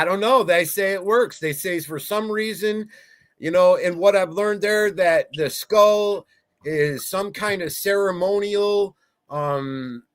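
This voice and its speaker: A man hosting a podcast tells stories with animated excitement in a slightly raised voice. The sound is dry and close-miked. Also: sits high, no room sound. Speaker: podcast host. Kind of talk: casual podcast chat.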